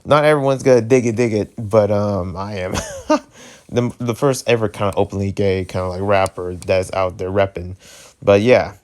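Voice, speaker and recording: A man's voice: on the low side, fairly even intonation, normal speed, darkish tone. A man with a New Jersey accent, chatting casually and rambling on a vlog, often restarting and joking. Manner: rambling, self-interrupting, joking. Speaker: YouTuber. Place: hotel room.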